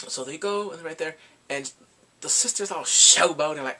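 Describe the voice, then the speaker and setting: A man giving a rambling, excitable casual recap of a TV drama, reacting with gasps and quoted asides. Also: a little high, normal speed. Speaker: drama reviewer.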